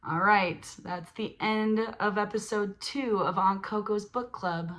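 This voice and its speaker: A woman reading a children's picture book aloud as host, animated, with playful sound effects and asides to her listeners. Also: medium pitch, unhurried. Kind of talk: storybook read-aloud for children.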